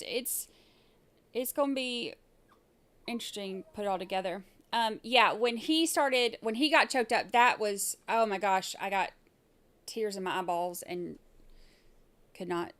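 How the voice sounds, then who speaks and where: A woman's voice: medium pitch, expressive, normal speed, a bit bright. Chatty woman hosting live trial commentary. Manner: chatty, rambling, with many fillers. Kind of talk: casual livestream commentary.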